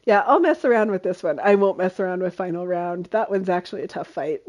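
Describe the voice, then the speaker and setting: A woman's voice: fairly low pitch, brisk, darkish tone, lo-fi sound, soft background music. A woman streaming a video game with casual, playful commentary, laughing often.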